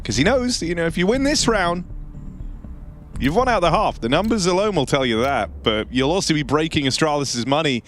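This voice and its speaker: A man casting a shooter match as play-by-play commentator, animated and jokey. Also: fairly quick, soft background music. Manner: animated, jokey, pitch jumps up when excited. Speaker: esports caster. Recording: noisy broadcast with game gunfire behind. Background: game gunfire and clicks.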